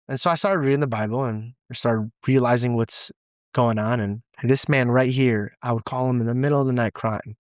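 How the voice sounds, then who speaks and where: A man's voice: medium pitch, a little fast, no room sound. A young man who grew up in a church, talking in an interview as a guest. He speaks candidly and expressively, says "dude" and "bro" a lot, and comes close to tears when things get serious. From Assyrian heritage, grew up in a church. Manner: earnest, close to tears at times. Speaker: podcast guest. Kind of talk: emotional, candid interview talk.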